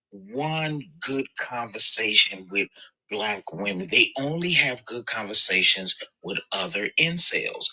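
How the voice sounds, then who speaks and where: Bright-voiced man chatting on a live panel. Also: mid-range voice, gravelly, rough recording. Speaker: caller on a live stream panel. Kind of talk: casual opinion chat.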